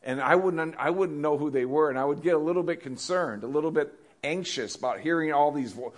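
A man's voice: fairly high pitch, fairly quick, hardly any pauses. A male pastor preaching a conversational sermon, often repeating questions to the congregation.

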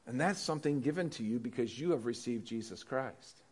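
A man's voice: medium pitch, lively intonation, fairly quick, a little mellow, husky. Male pastor giving a sermon, conversational, keeps checking in with the congregation. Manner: conversational preaching with questions to the congregation.

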